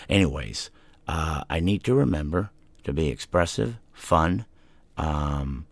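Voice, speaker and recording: Very deep-voiced man rambling on his podcast. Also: lively intonation, slow pace, creaky, no echo. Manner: rambling, self-reflective, talks to his cat. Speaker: podcast host. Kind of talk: casual solo podcast talk. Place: home room. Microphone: desk microphone.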